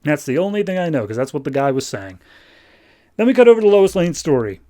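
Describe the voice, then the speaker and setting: A man's voice: fairly high pitch, big pitch swings, fast, warm tone. A man hosting a comic book podcast, recapping an issue in a casual, rambling way with wry, sarcastic asides.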